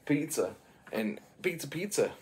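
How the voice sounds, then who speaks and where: A man doing a gushing, excitable princess. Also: on the high side, unhurried, heavy background noise, voice pushed up. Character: chatty young princess, excitable.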